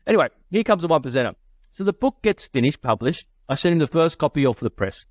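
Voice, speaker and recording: A middle-aged Australian man, appearing as a guest investor on a casual podcast, swaps business stories, impersonating the people he quotes and laughing a lot. His voice sits on the high side, with no room sound.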